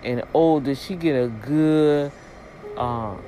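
A woman casually retelling a story, lively and expressive, acting out the people in it and dropping in religious asides. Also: slow pace, a little hiss or hum, rough recording. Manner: animated, acts out quoted voices with big pitch jumps.

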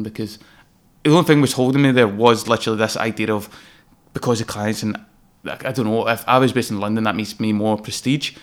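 A man's voice: lowish voice, a little fast. A Scottish man, a designer guest on a podcast, telling personal stories candidly and casually, swearing now and then. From Scotland. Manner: candid, swears freely, animated when reliving moments. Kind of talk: casual interview storytelling.

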